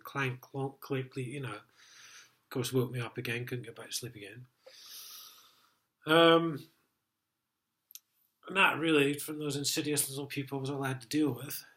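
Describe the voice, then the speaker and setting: A man's voice: mid-range voice, steady tone, normal speed, long pauses, a bit bright. A middle-aged man, telling his own story in a sweary, aggrieved, rambling way, full of ums. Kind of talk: casual personal account.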